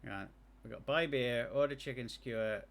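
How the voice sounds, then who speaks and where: A man's voice: mid-range voice, normal speed, vocal fry. A man streaming live gameplay, thinking aloud in a chatty way and adding technical asides about game effects.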